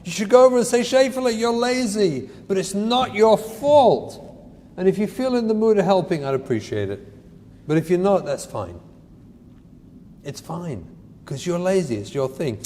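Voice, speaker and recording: A man's voice: high voice, sing-song, normal speed, long pauses, dark tone. A man giving an earnest, emphatic inspirational talk on parenting, mixing in Hebrew terms. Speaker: parenting speaker. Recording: echoey hall, faint noise.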